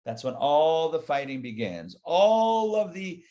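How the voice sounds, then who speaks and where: Rabbi guy teaching a torah class live, kinda high voice, lively and chatty with the room. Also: unhurried, soft background music. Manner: conversational, animated, talks straight to the class.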